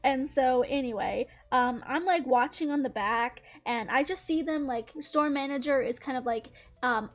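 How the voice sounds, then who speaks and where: High-voiced woman telling a story while drawing. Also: normal speed, hardly any pauses. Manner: chatty, swears often, laughs through the story. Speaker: drawing channel host.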